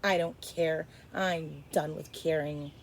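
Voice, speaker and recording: A woman voicing a despairing male toy rabbit who speaks low, flat and resigned. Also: takes it slowly, vocal fry, slight background noise, exaggerated voice. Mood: weary.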